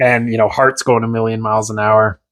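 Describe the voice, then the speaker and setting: A man from Newfoundland, a podcast guest, telling a long story in a casual, animated and rambling way with many restarts. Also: fairly low pitch, brisk, a crowd in the background.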